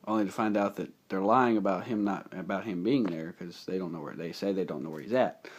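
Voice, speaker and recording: A young man with a somewhat low voice talks through a film's plot in a casual, unscripted way. He rambles and gets excited, with plenty of fillers along the way. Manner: enthusiastic, rambling, with many fillers. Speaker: movie reviewer. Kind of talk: casual spoken movie recap.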